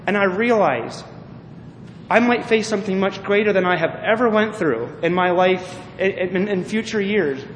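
Brief: earnest male pastor, slightly high voice, sermon in a reverberant church hall. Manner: earnest, reads a story aloud with feeling. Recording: echoey hall, faint noise.

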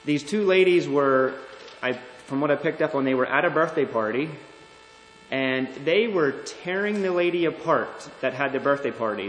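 A male pastor delivers an earnest, deliberate sermon in a slightly raised voice. His words ring out with long reverb, as if in a large church sanctuary. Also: fairly high pitch, a bit bright. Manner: earnest, deliberate preaching with restarts. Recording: echoey hall.

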